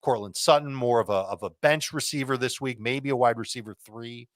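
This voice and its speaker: A man's voice: mid-range voice, fairly quick, no room sound. Man rattling off confident football picks. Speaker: fantasy football analyst. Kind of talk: quick start-sit advice.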